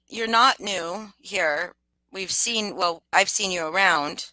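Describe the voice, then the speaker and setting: A woman's voice: on the low side, slow, pushed and bright, no room sound, rough recording. A woman hosting a livestream in casual chat, candid and swearing freely. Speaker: livestream host.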